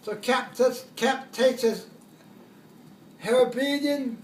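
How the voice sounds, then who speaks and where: A man's voice: very high voice, slow pace, roomy sound, distant mic, a little hiss or hum. An older man, a war veteran, tells his stories in a rambling way, correcting himself as he goes and chuckling at his own jokes. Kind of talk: oral history storytelling.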